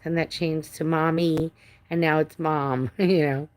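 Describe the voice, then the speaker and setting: A woman's voice: low-pitched, fairly even intonation, measured pace. A middle-aged woman hosting a casual live stream from home, rambling, restarting sentences and swearing now and then. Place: home with a cat.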